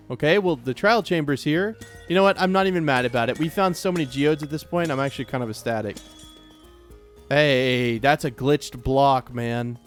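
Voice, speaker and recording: A young man of ordinary pitch chats through his gameplay, cracking jokes and getting startled easily. He repeats phrases when flustered, with faint music underneath. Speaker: let's play gamer. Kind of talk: casual gameplay commentary.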